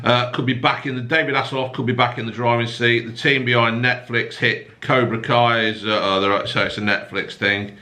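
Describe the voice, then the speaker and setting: A middle-aged man rants through tabloid headlines in a rambling, mocking way, swearing freely. His voice is bright and forceful, and it sits at an ordinary pitch for a man. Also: fairly even intonation, moderate pace, hardly any pauses. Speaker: comedic news commentator. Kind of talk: rambling profane rant reading tabloid news.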